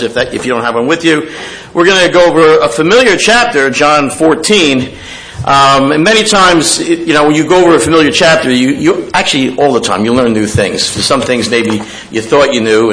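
A man's voice: mid-range voice, fairly bright tone, rough recording. A man with a nasal voice, speaking as a guest preacher in a church, giving a sermon and reading scripture aloud, with frequent fillers and restarts.

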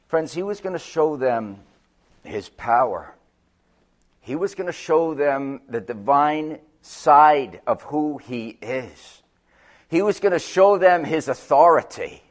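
A man preaching a sermon, moving between loud urgent peaks and quiet, low passages. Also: animated, slow pace. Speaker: pastor.

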